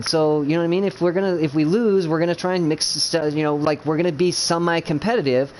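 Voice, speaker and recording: A gamer streamer with a slightly high, darkish voice talks quickly and barely pauses as he chats casually about his gaming team. His rambling is full of fillers, restarts and swearing, with slight background noise.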